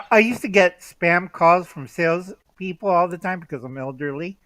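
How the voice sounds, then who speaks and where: A man's voice: high-pitched, moderate pace, sharp tone, no echo. A man telling a playful, joking story in a casual chat.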